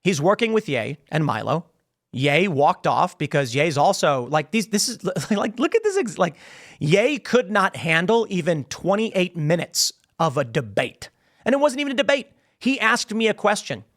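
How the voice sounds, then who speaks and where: Animated, high-pitched man ranting. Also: normal speed. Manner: emphatic and mocking, repeats phrases for effect. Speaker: podcast host. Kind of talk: ranting commentary monologue.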